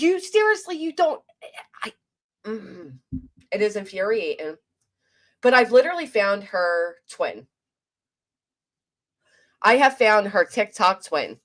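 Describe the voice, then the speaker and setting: A woman's voice: medium pitch, fairly bright tone. A woman hosting a commentary livestream, venting in an exasperated, rambling way with frequent restarts and reading chat aloud. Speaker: commentary channel host.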